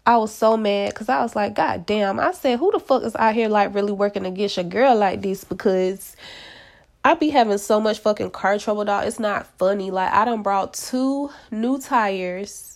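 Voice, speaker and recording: Profane, gravelly-voiced woman podcaster. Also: medium pitch, normal speed. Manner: profane, blunt storytelling with slang. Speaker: podcast host. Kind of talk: casual solo podcast rant. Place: at home, kids in hallway.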